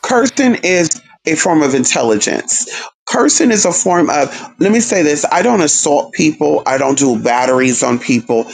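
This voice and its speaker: Sassy, gravelly-voiced man chatting on stream. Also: on the high side. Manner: sassy, animated, addresses viewers as girl and honey. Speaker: livestream host. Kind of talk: casual livestream chat.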